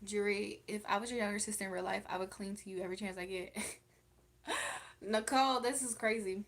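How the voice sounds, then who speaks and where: A woman's voice: mid-range voice, steady tone, fairly quick, fairly bright tone. Blunt, outspoken woman streamer. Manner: blunt and outspoken, laughs often. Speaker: livestream host reading chat. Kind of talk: casual live chat.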